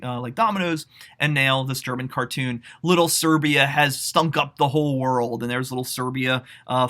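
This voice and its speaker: Bright-voiced male history teacher. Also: medium pitch. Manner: casual, conversational explaining with frequent "um" and "you know"; poses questions to students. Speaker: high school history teacher. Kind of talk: online classroom lecture.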